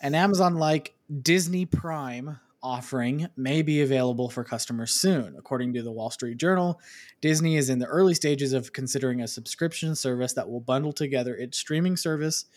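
A man's voice: mid-range voice, a little fast, darkish tone. A man hosting a casual podcast, reading out news items and adding dry asides.

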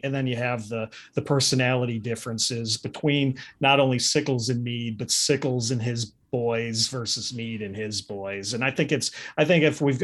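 Man, podcast host, mid pitch, emphatic, conversational. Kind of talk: casual history discussion.

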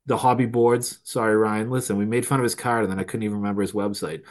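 A man with a Boston accent, a guest on a podcast, explaining things animatedly in quick bursts. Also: fairly low pitch, fairly even intonation. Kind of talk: casual podcast chat.

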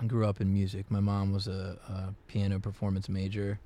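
A man chatting easily as a musician guest, telling stories with lots of fillers and quick laughs. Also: deep voice, completely flat delivery, warm tone. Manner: easygoing, laughs often, many fillers and restarts. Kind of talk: casual interview chat.

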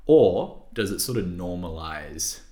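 A man with a very deep voice talks through his views on a podcast, stopping and restarting as he thinks aloud. The room around him adds a noticeable echo. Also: very animated, a little slow, dark tone. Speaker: podcast co-host. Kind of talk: casual discussion.

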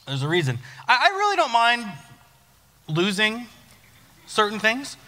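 A man's voice: sits high, a little slow. A young adult man, a youth pastor, giving a casual, joking sermon in a church hall. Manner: joking, self-deprecating, lively storytelling. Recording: long church hall reverb.

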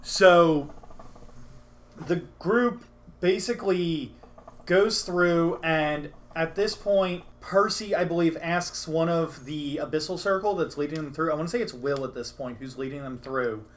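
A man's voice: on the high side, measured pace, a little hiss or hum. A young man casually retelling a tabletop game session in a loose, rambling way, with many fillers and restarts. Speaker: podcast host recapping a game session. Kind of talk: casual storytelling recap.

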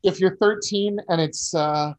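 A man co-hosting a podcast in loose, casual conversation. His voice sits a little higher than usual. He rambles and restarts his sentences, with a dry, wry humor. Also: unhurried, rough recording. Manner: rambling, self-interrupting, wry. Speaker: podcast co-host.

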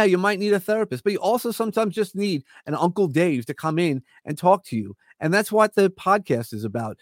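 A man's voice: a little high, no room sound, clean studio sound. A man with a New York accent, a podcast host and coach, talking earnestly and at length as a guest in an interview. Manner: rambling, earnest, repeats words when starting. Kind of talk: casual interview talk.

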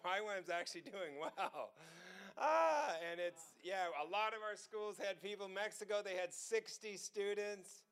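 High, smooth-voiced man preaching. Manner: storytelling, laughs often, excitable. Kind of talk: testimony sermon.

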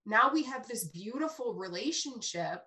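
A woman's voice: a little high, moderate pace. A young woman hosting a podcast, talking openly and laughing easily in casual conversation. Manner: open, animated, laughs easily.

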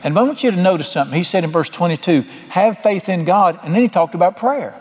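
Guy preaching in a church, kinda high voice, chatty folksy style, lots of hall echo. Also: animated, quick pace, a little mellow, husky. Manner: folksy, conversational preaching with repeated "all right". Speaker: pastor. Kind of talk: sermon.

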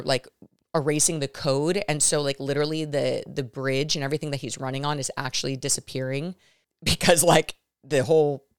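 A woman in her thirties hosting a podcast, retelling a frightening experience in an animated, emphatic way, often turning to her listeners. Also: sits low, clean tone, no room sound, studio quality. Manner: animated, emphatic retelling with many restarts, addressing listeners directly. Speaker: podcast host. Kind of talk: storytelling monologue to viewers.

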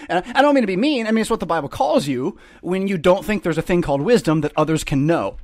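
High-voiced male host, rambling preacher with sarcastic asides, dry close sound. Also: expressive, quick pace, no room sound. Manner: rambling, emphatic, repeats words. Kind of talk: casual preaching monologue.

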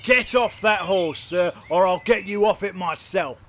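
A man playing a cocky, cheeky highwayman telling his story in a comedy sketch. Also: measured pace, a bit bright, a little hiss or hum. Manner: boastful, cheeky. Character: cocky roguish male highwayman.

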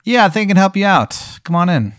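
A man voicing a mysterious male candy king whose voice crackles like dry leaves, smooth and inviting. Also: high voice, big pitch swings, quick pace, fairly bright tone, no echo, pitched above the performer's own voice.

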